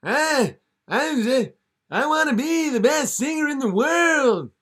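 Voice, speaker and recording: A man voicing a whiny male singer hungry for fame, with a squeaky, shouting voice. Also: lively intonation, slow, heavily acted.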